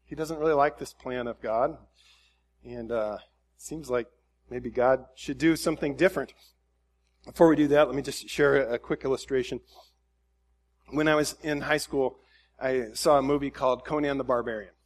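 A man preaching a conversational sermon in a relaxed, folksy way, with frequent fillers and restarts. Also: mid-range voice, normal speed, long pauses. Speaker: pastor.

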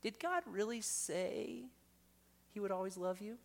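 A man putting on the sly voice of deception, asking drawn-out, insinuating questions. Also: high-pitched, lively intonation, creaky, voice pushed up, exaggerated voice. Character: sly doubting voice of deception, whiny, wheedling.

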